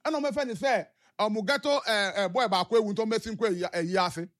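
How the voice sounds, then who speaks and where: A man's voice: high voice, fast, a bit bright. A man with a Ghanaian English accent, calling in to a talk show and giving impassioned political commentary with rhetorical questions. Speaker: caller.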